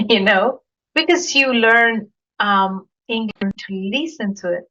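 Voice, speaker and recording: A Colombian woman with a Spanish accent hosts a podcast interview, earnestly telling anecdotes in casual chat and often repeating words as she searches for them. Her voice is medium-pitched, slow, pushed and bright, on a dull lo-fi recording.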